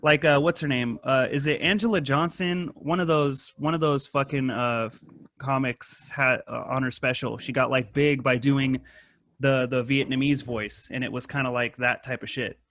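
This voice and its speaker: A man hosting a casual podcast, rambling and swearing a lot, with animated retellings of stories. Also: medium pitch, moderate pace. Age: adult with wife and kid. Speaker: podcast host. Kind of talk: casual profane chat.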